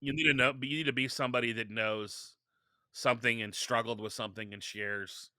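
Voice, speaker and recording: A man guest talks a little fast in a medium pitch during a casual podcast interview, narrating energetically and frequently restarting what he says. The recording is studio quality with no echo.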